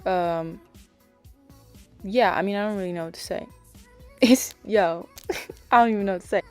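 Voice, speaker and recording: A woman's voice: medium pitch, normal speed, faint music behind. A young woman chatting casually as a nail art vlogger, rambling with lots of fillers and self-corrections. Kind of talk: casual voice-over chat.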